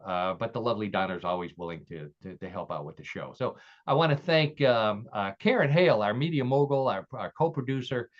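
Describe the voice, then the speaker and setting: A man's voice: on the low side, expressive, brisk, few pauses. Chatty male podcast host, dull audio. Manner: chatty, with restarts. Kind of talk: casual podcast hosting, reading quiz stories.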